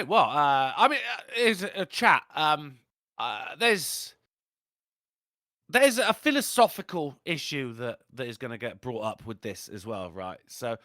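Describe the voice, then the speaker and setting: Lively bright-voiced man. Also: fairly high pitch, no echo, clean studio sound. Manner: rambling, animated, jokey storytelling. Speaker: livestream podcast host. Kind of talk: casual crude chat.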